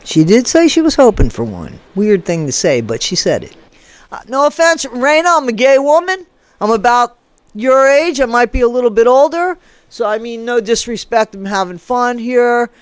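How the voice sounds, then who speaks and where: A woman's voice: on the high side, sing-song, moderate pace, dry recording. A woman giving casual gossip commentary in a playful, rambling way, with sing-song asides. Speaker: commentary vlogger.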